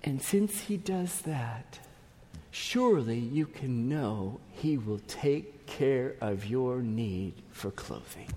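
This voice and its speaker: A man preaching a sermon, earnest and emphatic, often dropping to a hush at the ends of phrases. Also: mid-range voice, expressive, slow pace, a little hiss or hum. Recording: long hall reverb.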